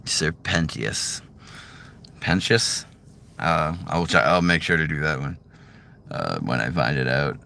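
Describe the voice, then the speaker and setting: A man's voice: extremely low pitch, expressive, unhurried, vocal fry, long pauses, bright, forceful tone, a little hiss or hum. A man chatting casually and ramblingly in a car, full of "you know" and "like". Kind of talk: casual talk about doing voices.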